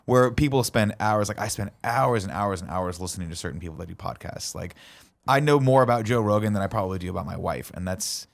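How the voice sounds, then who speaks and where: Low-voiced man talking fast. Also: creaky. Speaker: podcast co-host. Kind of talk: casual chat.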